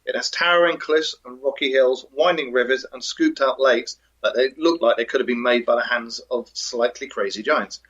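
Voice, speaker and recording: Male co-host, dry joking manner, crisp bright tone, muffled lo-fi audio. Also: mid-range voice, normal speed, hardly any pauses. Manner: dry, jokey storyteller. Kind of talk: live show chat and story reading. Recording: dull lo-fi audio.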